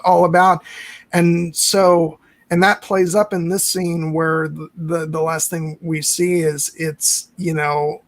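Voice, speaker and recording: High-voiced man chatting about films. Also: little pitch movement, slow. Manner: rambling with many restarts and fillers. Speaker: podcast host. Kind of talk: casual film discussion.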